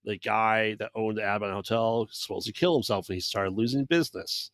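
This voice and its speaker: A man's voice: lowish voice, a little fast, fairly bright tone, no echo. Rambling male podcast host, dry close mic. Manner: rambling recap, acts out characters' lines. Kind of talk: casual movie recap chat.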